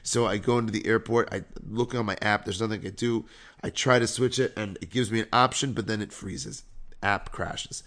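Conversational rabbi telling a story. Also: male voice, on the low side, steady tone, fairly quick, fairly bright tone. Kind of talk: storytelling sermon.

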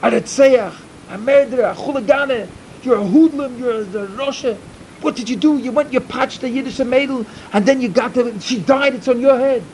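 A man voicing a stern, commanding old rabbi in a told tale, with slow, forceful scolding. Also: high voice, lively intonation, a little hiss or hum, low-quality recording.

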